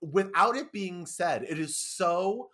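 A man's voice: sits high, takes it slowly. A man co-hosting a podcast, rambling casually with lots of "like" and cheerful profanity. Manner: animated, profane, filler-heavy rambling. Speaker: podcast co-host. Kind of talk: casual podcast chat recapping a TV episode.

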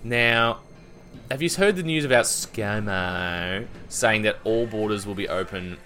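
A young man with an Australian accent, co-hosting a casual podcast chat, animated and swearing freely as he banters. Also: fairly low pitch, unhurried. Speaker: podcast co-host.

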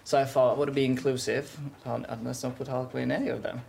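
A man's voice: medium pitch, flat delivery, fast, gravelly, crowd noise. A man from Italy with an Italian accent, a guest chatting casually and laughing easily, with many fillers. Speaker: guest, small business owner. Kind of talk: casual interview chat.

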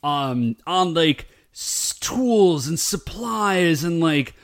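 A man co-hosting a podcast, talking in a rambling, animated way with lots of fillers. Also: on the high side, drawn-out words. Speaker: podcast co-host. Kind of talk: casual chat.

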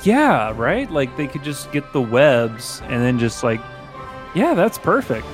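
A man's voice: medium pitch, big pitch swings, over music. A man co-hosting a podcast, chatting casually and jokingly as he reads fan fiction aloud. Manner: joking, breaks into laughter and quick put-on voices. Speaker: podcast co-host.

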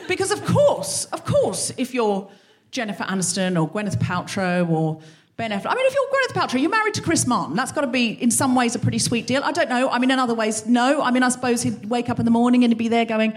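On stage in a concert hall, a woman hosts a live comedy podcast as a stand-up monologue, speaking straight to the audience. She talks fast in a fairly high voice with big pitch swings, swears a lot, and acts out both sides of an argument herself.

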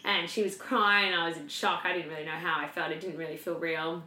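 Bright chatty New woman. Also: lowish voice, steady tone, fairly quick. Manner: chatty, filler-heavy, swears freely. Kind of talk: casual storytelling chat. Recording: roomy echo.

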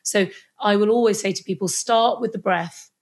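A woman speaking as a podcast guest on Chinese medicine, animated and acting out little scenes in other voices. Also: mid-range voice, moderate pace. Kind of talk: podcast interview.

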